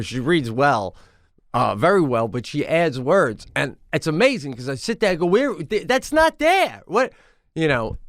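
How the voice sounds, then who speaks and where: A man's voice: a little high, no echo, studio quality. A man co-hosting a comedy podcast, telling stories animatedly and acting out voices. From Long Island, New York. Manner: animated storytelling, acts out voices in quotes. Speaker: podcast co-host. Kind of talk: casual comedic chat.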